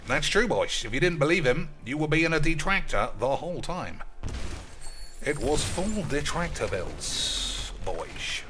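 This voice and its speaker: A man's voice: a little high, sing-song, normal speed, bright, forceful tone. A man giving crude, ranting, mock-boastful commentary over his own gameplay. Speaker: gaming streamer.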